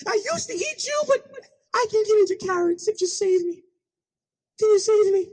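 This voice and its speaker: A man's voice: lively intonation, moderate pace, darkish tone, rough recording. A man voicing a trapped male snake who desperately begs for help in a whining voice. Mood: begging. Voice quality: high whining plea.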